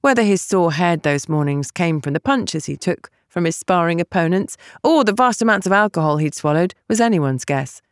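Expressive woman narrating an audiobook. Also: lowish voice, no echo, studio quality.

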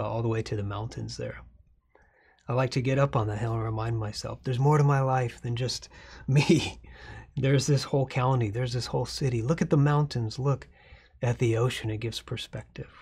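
Husky, gravelly-voiced preaching man. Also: mid-range voice, a little mellow. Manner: earnest, conversational preaching with frequent fillers and restarts. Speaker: pastor. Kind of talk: sermon.

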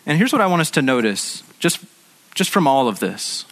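A man's voice: medium pitch, very animated, moderate pace, fairly bright tone. A man preaching a sermon as a pastor, in a conversational way that often repeats words as he restarts.

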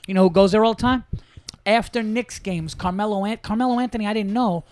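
A man hosting a podcast, telling animated, profanity-laced stories in casual chat. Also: high voice, fast. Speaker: podcast host.

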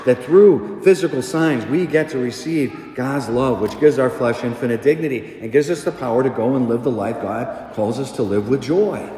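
A middle-aged man and pastor preaching a sermon, conversational and animated, asking the congregation questions. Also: medium pitch, slight background noise. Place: church. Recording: echoey church, long reverb, faint ambience.

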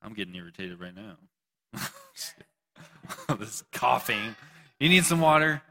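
A man's voice: on the low side, sing-song, unhurried, creaky, pushed and bright. A man preaching a casual, joking sermon to a live group, asking questions and talking back with listeners. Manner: casual, joking, talks to the audience.

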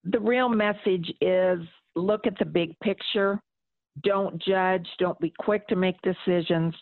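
A woman's voice: on the low side, fairly even intonation, a little slow, vocal fry, no echo. A middle-aged woman author answering interview questions and reading aloud from her novel, speaking earnestly. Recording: tinny phone line.

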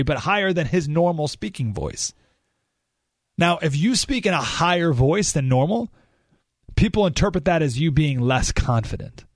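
A man's voice: a little high, dry recording. A man hosting a radio talk show, giving an emphatic, opinionated monologue full of rhetorical questions, recorded in a studio.

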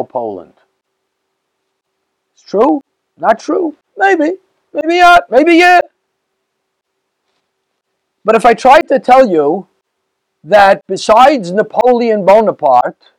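A rabbi giving a lecture to a live audience, animated and rhetorical, putting questions to the listeners. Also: male voice, high voice, no echo, low-quality recording.

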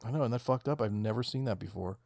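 A man's voice: medium pitch, quick pace, creaky, a little mellow, no echo, studio quality. A man co-hosting a casual movie commentary, talking in a laid-back, profane way and often trailing off mid-thought. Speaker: podcast co-host.

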